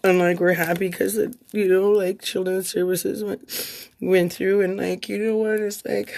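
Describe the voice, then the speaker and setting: A woman's voice: medium pitch, level tone, a little slow, creaky, darkish tone. A woman in her thirties, crying as she makes an emotional, rambling plea in a vlog, swearing and repeating herself. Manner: raw, repetitive, swears, rallying plea.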